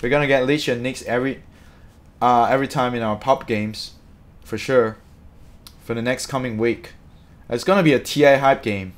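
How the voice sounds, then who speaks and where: A man chatting casually on a live stream, reading out viewer comments in an excitable, talkative way. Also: medium pitch, moderate pace, pauses often.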